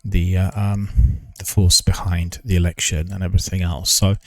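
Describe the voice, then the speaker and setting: Slow, halting older man, low voice. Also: flat delivery, no room sound. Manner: slow, halting, many ums and restarts; careful, formal enunciation. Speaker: gaming news streamer. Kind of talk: casual live-stream chat.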